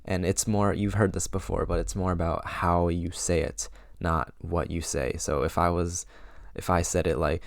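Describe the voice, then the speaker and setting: Young man, around eighteen, deep voice, casual advice vlog, filler-heavy, dry recording. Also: fairly even intonation, moderate pace, gravelly, hardly any pauses, no room sound. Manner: casual, filler-heavy, acts out sample lines. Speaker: vlogger giving social advice. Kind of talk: casual advice talk to camera.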